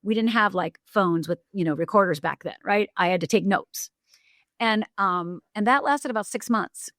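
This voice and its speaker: Animated storytelling woman, dry close mic. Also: medium pitch, no echo. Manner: acts out quoted voices, fast bursts with restarts. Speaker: podcast guest, life coach.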